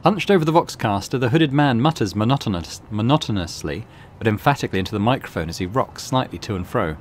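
Low-voiced man narrating a game. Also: lively intonation, fast talker, a little hiss or hum. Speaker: let's play host. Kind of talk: game commentary and reading on-screen text.

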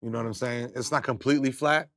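A man in a comedy sketch playing a smug, conspiracy-minded male basketball star who mockingly lowers his voice to sound smart. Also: steady tone, quick pace, a bit bright, no room sound, natural voice. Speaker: comedy show host.

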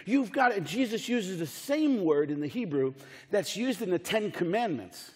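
A man preaching a sermon as pastor, animated and jokey, often repeating his words. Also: high voice, normal speed, breathy edge, in a large hall. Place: church sanctuary.

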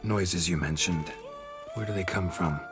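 A gruff monster hunter in a video game, speaking in short, dry, clipped lines. His voice sits very low and steady. Game music runs underneath him. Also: unhurried. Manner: terse, dry.

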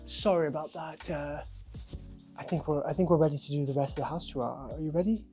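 A man's voice: a little high, fairly quick, mellow, soft background music. A young man giving a casual, joking tour of his new house for his vlog, chatty and self-mocking. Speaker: vlogger giving a home tour.

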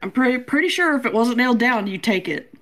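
A woman's voice: on the high side, lively intonation, fast, a bit bright, poor audio. Chatty Southern woman gaming host. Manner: chatty, rambling with restarts. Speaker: let's play co-host. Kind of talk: casual gaming commentary.

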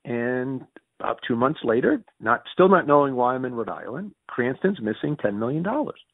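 A gravelly, husky American man tells his story in a lively, swinging voice and keeps breaking in on himself. The sound is dry and thin, as if it came over a phone line. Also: medium pitch, no echo. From United States. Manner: rapid self-correcting anecdotes with quoted dialogue. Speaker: interview guest. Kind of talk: animated storytelling in conversation.

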